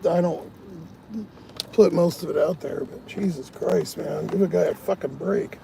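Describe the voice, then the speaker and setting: A man's voice: a little high, a little slow, creaky, dark tone. A man working as a food delivery driver, venting and swearing in frustration on a live stream from inside his car. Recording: car ambience noise.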